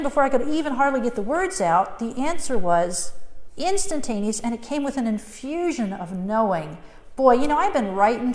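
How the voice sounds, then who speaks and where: A middle-aged woman telling an audience her near-death experience, animated, quoting her own thoughts and giggling at her own jokes. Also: on the high side. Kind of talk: personal talk to an audience. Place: talk in a hall. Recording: echoey hall with long reverb.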